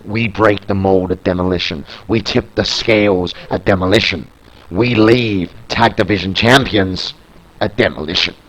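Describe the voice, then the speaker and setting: A man reading out the slow, deliberate threats of a confident male tag-team wrestler in his own low voice. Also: a bit bright, poor audio. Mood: menacing.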